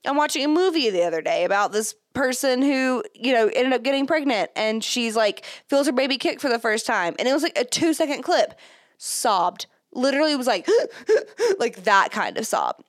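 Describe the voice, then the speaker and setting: A woman's voice: a little high, sing-song, moderate pace, no echo. Chatty pregnant woman, dry close sound. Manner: chatty, candid, many fillers and laughs. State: pregnant, third trimester. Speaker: podcast host. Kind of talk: casual chat.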